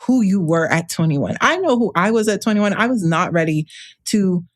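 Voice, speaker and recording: Brief: woman in her 30s, astrologer guest, casual and candid, quick laughs, dry close sound, mid pitch. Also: lively intonation, no echo. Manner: chatty and candid, laughs often between thoughts. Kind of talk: casual conversation.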